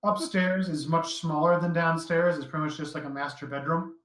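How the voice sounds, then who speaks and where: A man narrating a tabletop game as dungeon master, easygoing and halting, with many fillers. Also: fairly high pitch, steady tone, a bit bright, reverberant, low-quality recording.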